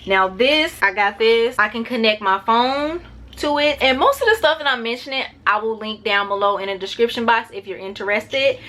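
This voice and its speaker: A woman's voice: on the high side, bright, forceful tone. A woman chatting her way through a casual packing vlog, rambling a little and talking to her viewers as y'all. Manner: talks fast at times to keep it short. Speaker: travel vlogger.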